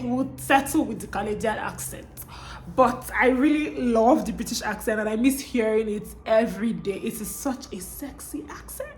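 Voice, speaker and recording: A young woman with a Nigerian accent chats to her viewers in a relaxed vlog. Her voice sits somewhat high for a woman. She keeps checking in with a quick "okay?" as she talks. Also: slight background noise. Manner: chatty, often tags lines with "okay?". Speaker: vlogger. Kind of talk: casual chatty vlog.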